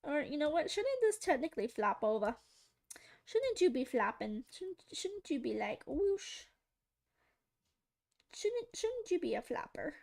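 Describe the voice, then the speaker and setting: A woman's voice: sits high, very animated, moderate pace, vocal fry, darkish tone. A woman streaming as she draws, chatting with viewers in a giggly, rambling way and trying out silly voices. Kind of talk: casual live-stream chat while drawing.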